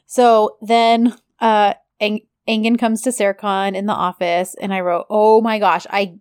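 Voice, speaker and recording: A woman's voice: mid-range voice, little pitch movement, darkish tone, smooth, dry recording, clean studio sound. A woman co-hosting a casual podcast, recapping episodes with enthusiasm and frequent short agreements. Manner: enthusiastic, quick back-channel replies. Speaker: podcast co-host.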